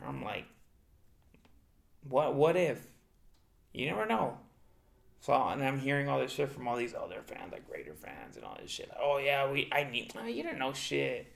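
A man's voice: mid-range voice, creaky. A man in casual chat, venting about football with lots of swearing and quoted self-talk. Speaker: podcast co-host, football fan.

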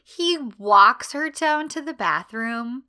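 A woman's voice: a little high, expressive, takes it slowly, bright, forceful tone. A woman chatting casually and enthusiastically about a TV drama, laughing often as she retells scenes. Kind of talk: casual chat recapping a TV drama.

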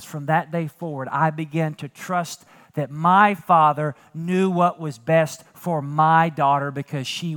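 High-voiced male pastor preaching. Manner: storytelling, building to loud emphatic preaching. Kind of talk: sermon. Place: church sanctuary.

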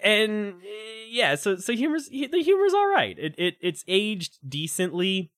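A young man in casual, animated chat about a video game, full of restarts and laughter. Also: sits high, moderate pace, no echo, clean studio sound. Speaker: game review podcast co-host.

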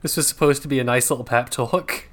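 A man's voice: medium pitch, steady tone, brisk, a bit bright. Sarcastic man playing a tabletop game. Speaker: player. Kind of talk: tabletop role-play.

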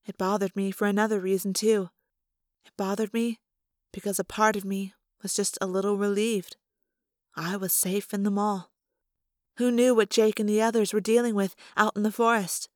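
A woman narrates a first-person novel chapter by chapter, telling the story in a steady, expressive way. Her voice sits at an ordinary middle pitch, and the recording is close and dry with no room sound. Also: normal speed, no echo. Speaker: audiobook reader.

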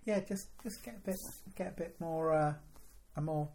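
A woman's voice: deep voice, moderate pace, darkish tone. A woman co-hosting a wrestling podcast from a hotel room, teasing her co-host and laughing often. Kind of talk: casual chat.

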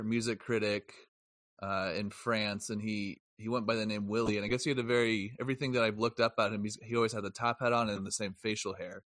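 A man's voice: lowish voice, fairly bright tone, no echo. A man co-hosting a casual film review podcast, rambling and correcting himself as he jokes about a movie. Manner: rambling, self-correcting, jokey. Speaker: podcast co-host.

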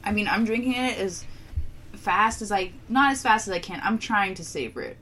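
A woman's voice: medium pitch, lively intonation, moderate pace, fairly bright tone. Woman co-host, casual and playful, laughs often, faint noise behind. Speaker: co-host tasting beer. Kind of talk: casual chat.

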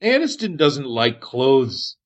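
A man's voice: medium pitch, sing-song, slow pace, highs cut off, voice pushed up. A man voicing a naive, childlike male elf with a head injury, who talks about himself in the third person. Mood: simple, eager.

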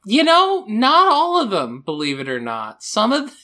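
Animated, laughing podcast guest man. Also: high voice, a little slow. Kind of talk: casual podcast chat.

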